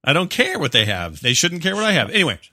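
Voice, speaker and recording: A man's voice: a little high, huge pitch swings, fast, bright, forceful tone, dry recording, clean studio sound. A man hosting a casual podcast chat, talking animatedly and acting out the voices he quotes.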